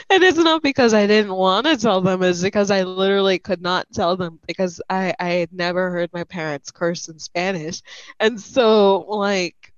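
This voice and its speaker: A woman's voice: medium pitch, lively intonation, unhurried, no echo. A woman chatting casually, telling a story with laughter. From Hispanic family background. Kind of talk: casual chat. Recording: dull dry lo-fi.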